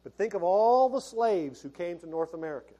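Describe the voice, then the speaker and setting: Here a middle-aged pastor preaches with a homespun, chatty feel, breaking into laughter and starting sentences over. He speaks a little fast in a high, expressive, mellow voice, and the recording has a lo-fi quality.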